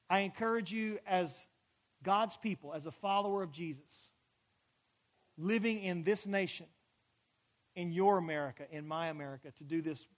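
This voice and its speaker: A man preaching a sermon as a pastor, building emphatically to loud climaxes and having the congregation repeat phrases. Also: on the high side. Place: church sanctuary.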